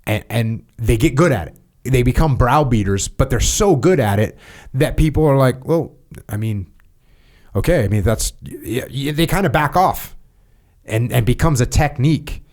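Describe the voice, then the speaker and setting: A man hosting a podcast, reading book passages aloud and breaking off into animated commentary. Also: normal speed. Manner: deep voice, animated tangents, mimics bosses. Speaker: podcast host.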